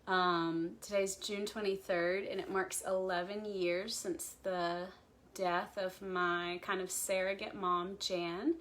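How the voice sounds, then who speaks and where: Low-voiced woman reminiscing haltingly. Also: level tone, a bit bright. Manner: reflective, halting, many ums and restarts. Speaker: pastor hosting a livestream chat. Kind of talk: casual livestream chat.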